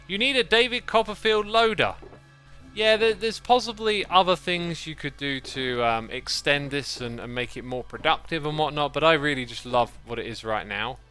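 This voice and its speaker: Male streamer, bright tone, chatty and rambling as he plays, faint music under the voice. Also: medium pitch, moderate pace, hardly any pauses, clear, resonant tone. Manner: rambling, thinks aloud, thanks chat. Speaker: game streamer. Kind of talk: casual livestream commentary while playing.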